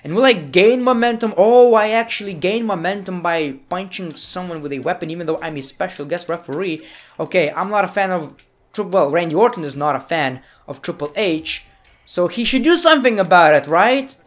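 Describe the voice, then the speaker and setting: Goofy high-voiced young gaming commentator. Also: male voice, expressive, brisk. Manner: goofy, playful, mock-angry outbursts. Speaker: gaming YouTuber. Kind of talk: gameplay commentary.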